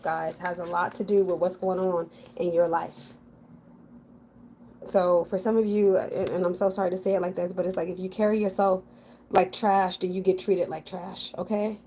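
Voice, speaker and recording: A woman's voice: medium pitch, mellow, a little hiss or hum. A woman giving a casual general tarot reading, talking frankly and thinking aloud to her viewers. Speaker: tarot reader.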